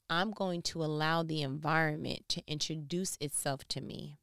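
A woman's voice: deep voice, moderate pace, fairly bright tone, dry recording, studio quality. A woman giving a casual, joking devotional talk, speaking straight to the listener. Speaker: Bible teacher.

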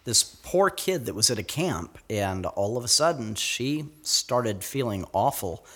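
Husky-voiced male podcast co-host. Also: mid-range voice, sing-song, unhurried, fairly bright tone. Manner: chatty, reads out event listings. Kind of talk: casual chat with announcements.

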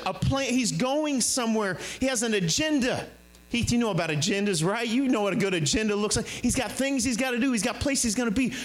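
A man preaching as a guest speaker, animated, with his pitch and pace rising and dropping widely. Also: low-quality recording. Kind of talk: sermon.

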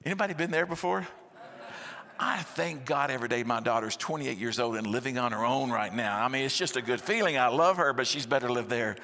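A man, preaching a sermon in a lively, conversational storytelling style with rhetorical questions, in a church sanctuary. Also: mid-range voice, fairly quick. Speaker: pastor. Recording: long church-hall reverb.

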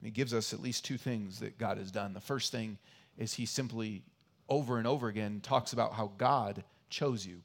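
Earnest male pastor preaching a sermon. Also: normal speed. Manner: earnest, repeats key phrases for emphasis; rises loud and high on emphatic lines, drops quiet for asides. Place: church.

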